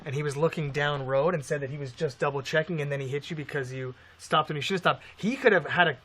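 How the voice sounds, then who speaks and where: A man chatting casually on a live stream, joking and cutting in with quick remarks. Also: fairly high pitch, sharp tone.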